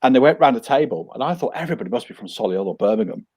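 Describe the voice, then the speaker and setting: A man from Coventry, a crime author, telling a lively anecdote in casual conversation and jumping his pitch up when quoting himself. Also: very fast, slightly rough, no echo. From Coventry, England. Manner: animated storyteller, jumps high when quoting himself.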